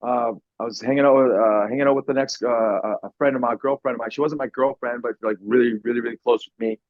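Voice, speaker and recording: A man telling a personal story on a podcast, animated and swearing often, acting out what people said. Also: mid-range voice, fast, no room sound. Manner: animated, swears a lot, acts out quotes loudly. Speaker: podcast guest. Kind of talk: casual storytelling. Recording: dry, dull lo-fi podcast audio.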